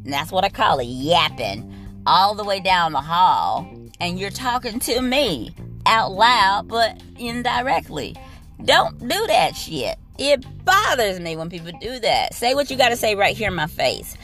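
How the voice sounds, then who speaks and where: A woman's voice: medium pitch, very animated, measured pace, a bit bright, soft background music. A woman nurse telling a work story as a blunt, profane and exasperated rant.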